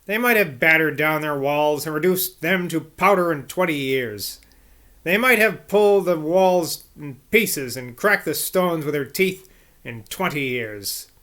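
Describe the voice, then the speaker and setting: Man voicing a forceful old scholar, blunt, sardonic, emphatic, slightly high voice. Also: lively intonation, measured pace. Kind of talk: audiobook reading.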